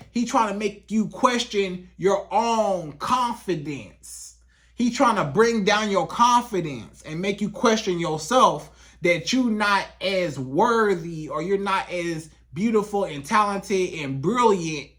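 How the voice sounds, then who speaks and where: A man's voice: high-pitched, lively intonation, takes it slowly, a bit bright. A man working as a relationship coach, talking straight to the viewer in a casual advice monologue, repeating himself for emphasis and acting out quoted lines.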